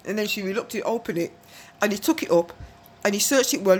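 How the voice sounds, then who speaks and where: A woman's voice: on the high side, expressive, fast, husky. Chatty woman telling a story. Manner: chatty, rambling, often asks "you know what I mean", laughs between phrases. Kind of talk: casual storytelling monologue.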